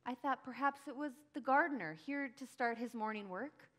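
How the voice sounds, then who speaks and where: A woman acting a grieving early follower in a first-person dramatic monologue, telling it breathlessly and crying out in high bursts. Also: normal speed, fairly bright tone, natural voice. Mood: wondering. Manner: emotional, breathless storytelling, cries out in high bursts. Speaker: church dramatic monologue performer.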